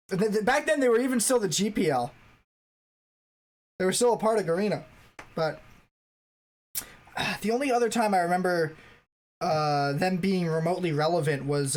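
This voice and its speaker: A man co-hosting a casual esports podcast, rambling as he recalls facts aloud. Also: high-pitched. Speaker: podcast co-host.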